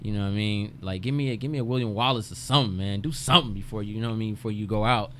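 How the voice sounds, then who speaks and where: A man's voice: on the low side, racing, bright, forceful tone, a little hiss or hum. A man speaking as a panelist in a casual panel talk, in a laid-back, slangy way.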